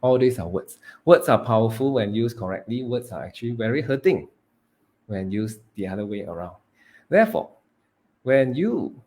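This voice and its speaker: A man, training students in public speaking, who swings between loud emphasis and hushed delivery and stretches words for effect. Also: lowish voice, animated, moderate pace. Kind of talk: live training talk.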